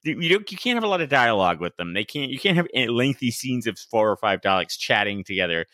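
A man co-hosting a podcast in casual chat, animated and quick to laugh, acting out quotes in a high voice. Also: no echo. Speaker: podcast co-host.

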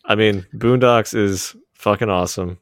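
A man's voice: lowish voice, steady tone, dry recording, studio quality. Wisecracking podcast co-host man. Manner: joking, quick with wisecracks, swears casually. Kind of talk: casual chat.

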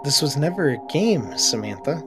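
A man's voice: a little high, very animated, normal speed, over music. A man voicing a defiant, secretive teenage girl grieving her brother, stubborn and pleading by turns. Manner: stubborn, pleading, matter-of-fact.

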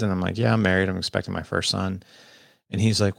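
A deep-voiced man tells a personal story in a candid, conversational way. His voice has a gravelly, fry-heavy texture, and the sound is dry and close. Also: level tone, fairly quick, dry recording. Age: 40s. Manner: candid, conversational, quotes people in dialogue. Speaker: guest. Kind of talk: personal storytelling in a podcast interview.

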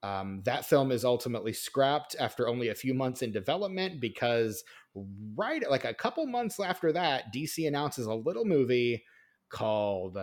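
A man hosting a film podcast in casual chat, walking through a production history from notes with many fillers and restarts. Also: medium pitch. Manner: rambling, filler-heavy, reads notes. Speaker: podcast host.

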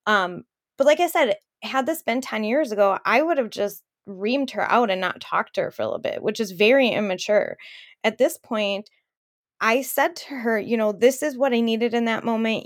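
A woman co-hosting a podcast, telling a personal story in an open, emotional way. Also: fairly high pitch. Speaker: podcast co-host. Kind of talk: casual chat.

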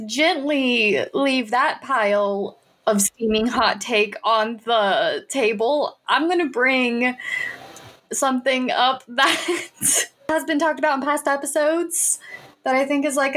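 A woman's voice: high voice, slow, a bit bright. A woman co-hosting a podcast, talking in a playful, joking way and laughing easily. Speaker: podcast co-host. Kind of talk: casual chat.

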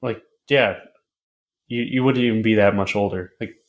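A man co-hosting a podcast in casual chat, halting and repeating filler words as he thinks aloud. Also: lowish voice, dull audio. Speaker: podcast co-host.

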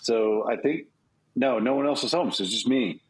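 A man's voice: mid-range voice, normal speed, rough recording. A middle-aged man co-hosting a podcast, telling a story in casual chat and acting out the voices of people in it. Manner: animated storyteller, acts out quoted voices. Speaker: podcast co-host.

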